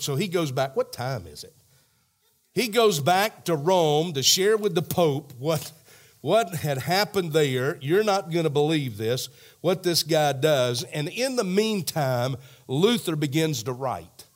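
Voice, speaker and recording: Brief: male preacher, animated storyteller, unhurried. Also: fairly high pitch. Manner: animated storytelling, talks to the crowd directly. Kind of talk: sermon.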